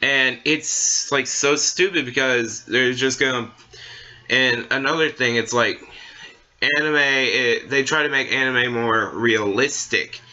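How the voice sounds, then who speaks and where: A man's voice: medium pitch, takes it slowly, sharp tone, muffled recording. A young man ranting casually to camera as a vlogger, rambling along with many fillers and restarts. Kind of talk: casual opinion rant.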